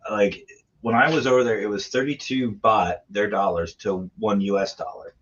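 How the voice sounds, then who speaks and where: A man with a fairly low voice tells crude travel stories, laughing at his own jokes. The chat is loose and casual, like friends around a podcast mic. The sound is a bit dull and lo-fi. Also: fairly even intonation, moderate pace, fairly bright tone.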